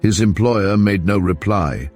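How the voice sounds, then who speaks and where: A man narrating a mystery novel as an audiobook, steady and measured. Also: lowish voice, faint music behind. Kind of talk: scripted narration.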